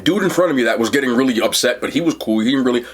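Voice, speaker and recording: Husky dude vlogging, telling a story real animated, bro this, y'all that. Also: male voice, mid-range voice, rapid-fire. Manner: animated, slangy, addresses viewers as bro and y'all. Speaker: food review vlogger. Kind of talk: casual storytelling to camera.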